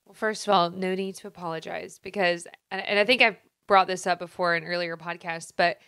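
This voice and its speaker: Female podcast co-host with a crisp, bright voice, candid and heartfelt. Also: on the low side, steady tone, fairly quick. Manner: open, emotional storytelling. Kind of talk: casual podcast conversation.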